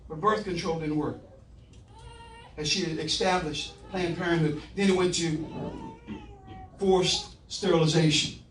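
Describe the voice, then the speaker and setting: A man with a fairly high voice tells a personal story as public testimony, earnest and fervent. He is picked up from a distance in a roomy council chamber. A faint hum of the room sits underneath. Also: fairly even intonation, measured pace, pauses often. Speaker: speaker giving public testimony. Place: city council meeting room. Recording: echoey room from far off.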